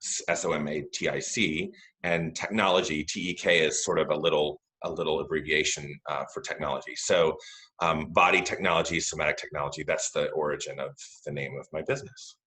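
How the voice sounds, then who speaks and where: A man's voice: very deep voice, fairly even intonation, a little fast, sharp tone. A middle-aged man, a guest on a video call, explaining stress management in a hesitant way with many ums and restarts. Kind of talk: conversational explanation.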